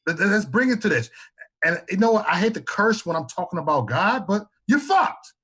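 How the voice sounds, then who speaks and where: A man's voice: high-pitched, expressive, fairly quick, pushed and bright, slightly rough. A man on a podcast panel talking in an emphatic, preachy way, repeating himself and swearing. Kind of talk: casual political podcast chat.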